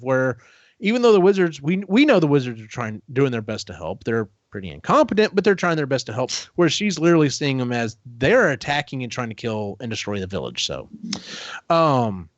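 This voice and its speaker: A man's voice: on the high side, dry recording. A man hosting a podcast, recapping a book in a casual, rambling way and briefly acting out characters' lines. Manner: rambling retelling, quick acted-out quotes. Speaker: podcast host. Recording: dull, dry lo-fi podcast audio.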